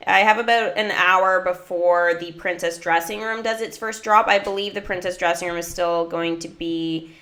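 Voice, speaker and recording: A woman's voice: on the low side, fairly bright tone. A woman chatting casually during a mobile game livestream, giggling often and answering her viewers' chat.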